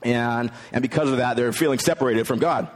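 A man's voice: medium pitch, fairly quick. Man preaching a conversational sermon. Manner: conversational preaching, paraphrasing scripture in everyday words. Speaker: pastor.

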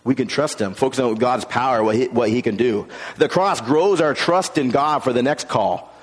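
A male pastor preaching a sermon, animated, acting out the voices in the stories he tells. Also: mid-range voice, normal speed, slightly rough, big-room sound. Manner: animated, acts out voices in quotes.

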